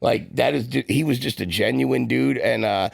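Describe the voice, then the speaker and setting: A man co-hosting a casual podcast, telling stories in a rambling, quick way on a close mic. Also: mid-range voice, gravelly, no echo. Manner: rapid rambling storyteller, acts out quotes. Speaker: podcast co-host. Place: on-site session at a roofing company.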